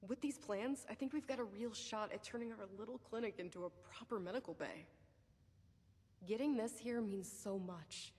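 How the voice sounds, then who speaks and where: A grateful game medic. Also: female voice, fairly high pitch, moderate pace, darkish tone, slightly rough, long reverb tail. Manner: earnest, thankful. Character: grateful clinic medic woman.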